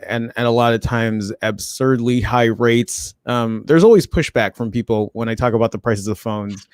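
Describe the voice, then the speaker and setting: A man co-hosting a casual live tech chat, with a deep morning voice and a rambling way of talking full of restarts and fillers. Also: dry recording, studio quality. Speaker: co-host.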